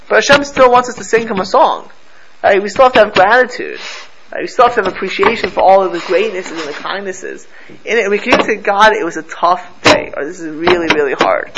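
A man's voice: high voice, highs cut off, background noise. A man teaching a Torah class to a live group, telling stories animatedly and mixing Hebrew and Yiddish terms into his English.

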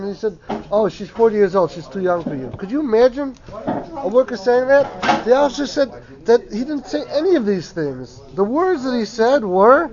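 A high-pitched man leads a Torah class and leans hard on certain words in a sing-song way. The recording is muffled and lo-fi, like a classroom taped on a cheap recorder. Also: animated, moderate pace, darkish tone. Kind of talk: Talmudic lesson to a small class.

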